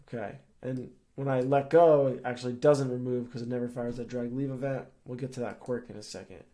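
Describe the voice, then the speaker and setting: A young man casually explaining a no-code web app build step by step, with a relaxed, filler-laced delivery. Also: medium pitch, a little fast. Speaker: software tutorial presenter. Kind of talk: screen-share coding tutorial.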